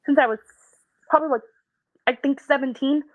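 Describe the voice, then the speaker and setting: A woman in her twenties venting to viewers in a casual way, tired and stressed, halting and stammering as she restarts her sentences. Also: sits high, steady tone, no echo, phone-quality sound. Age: 20s. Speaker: content creator.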